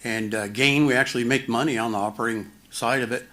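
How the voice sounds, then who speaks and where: A man presenting finance slides at a community town hall, halting with many fillers and restarts and a dry, self-mocking humor. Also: mid-range voice, steady tone, sharp tone.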